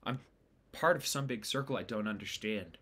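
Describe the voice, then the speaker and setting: A man reading the lines of a remorseful teenage boy in a quiet, pleading way. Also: fairly low pitch, normal speed, husky.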